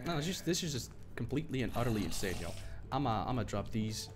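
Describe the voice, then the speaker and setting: A young man giving excitable, swearing commentary while streaming a game live, repeating himself when things go wrong. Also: mid-range voice, fast, heavy background noise.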